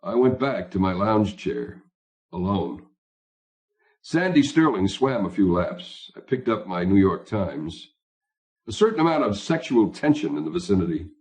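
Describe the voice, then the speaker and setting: Wry, lively male audiobook narrator. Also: low voice, unhurried. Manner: lively, wry first-person storytelling. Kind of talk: scripted narration.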